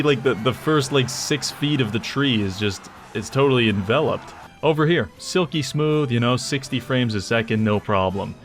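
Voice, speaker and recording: A man giving casual gameplay commentary, sardonic and excitable, with loud outbursts of mock anger. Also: mid-range voice, normal speed, hardly any pauses, slight background noise. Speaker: gaming YouTuber.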